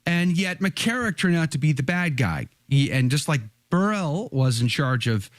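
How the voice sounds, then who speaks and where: Indignant man hosting, voice slightly high. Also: lively intonation, normal speed, no room sound. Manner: indignant, rhetorical questions. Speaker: host. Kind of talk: pointed interview questioning.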